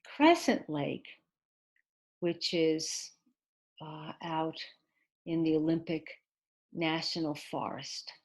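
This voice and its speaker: A woman teaching an online English class, explaining slowly and patiently with many pauses and fillers, and giving Mandarin glosses for her students. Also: sits low, fairly even intonation. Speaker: ESL teacher.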